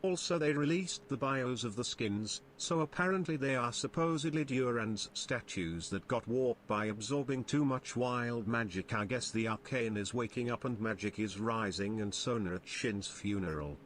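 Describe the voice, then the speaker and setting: A man's voice: mid-range voice, normal speed, few pauses, slight background noise. A man reading out news in a matter-of-fact way, relaying information to a streamer. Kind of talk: reading out news and chat messages.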